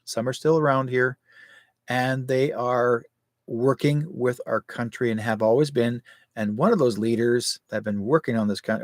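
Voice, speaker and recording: Man, 60s, show host; rambling, conspiratorial delivery with rhetorical questions; mid pitch, dry. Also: darkish tone, dry recording. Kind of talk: live commentary show.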